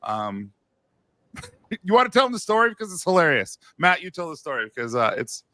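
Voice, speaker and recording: American man, upbeat podcast host, bright slightly high voice, dry close mic. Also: very animated, brisk, no echo. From United States. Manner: upbeat, laughs often. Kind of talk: casual chat.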